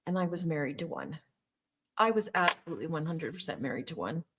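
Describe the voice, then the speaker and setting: Earnest middle-aged woman, slightly low voice. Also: big pitch swings, fast talker, background noise. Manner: earnest, emphatic, repeats words for stress. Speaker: former Jehovah's Witness telling her story. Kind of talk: personal storytelling monologue.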